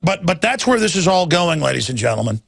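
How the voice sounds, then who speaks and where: A man's voice: a little high, sing-song, quick pace, gravelly, a bit bright, no echo. A man hosting a talk radio show, delivering a heated, emphatic rant full of stammered restarts. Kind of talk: ranting talk radio monologue.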